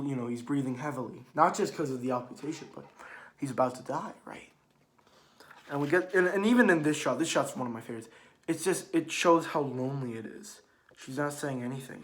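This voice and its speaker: A man giving a casual spoken manga review, rambling and excitable, swearing freely and restarting his sentences. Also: mid-range voice.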